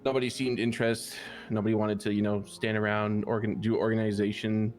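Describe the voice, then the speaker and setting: A man's voice: lowish voice, little pitch movement, a little fast, a little mellow, faint music behind. A man talking in character as a police dispatcher in online role-play, laid-back and full of "you know" and "like".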